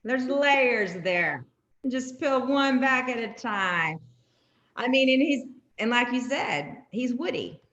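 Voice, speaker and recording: A woman in a casual video-call chat, joking in a wry, deadpan way. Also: a little high, takes it slowly, muffled recording, a little hiss or hum.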